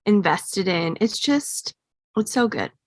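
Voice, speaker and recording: Speaking slowly and expressively at medium pitch, this podcast co-host chats casually and gushes enthusiastically, captured in a dry recording.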